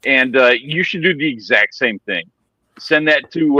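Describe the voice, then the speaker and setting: Talkative dude telling stories, bright kinda highish voice, audio a bit muffled and lo-fi. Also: male voice, animated, unhurried, dry recording. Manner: chatty storyteller, eager, swears casually. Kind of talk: casual chat on a stream.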